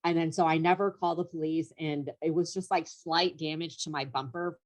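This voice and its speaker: A woman's voice: low voice, steady tone, brisk. A young woman, a comedian guest, telling a story in casual chat, rambling with lots of fillers and laughing through it.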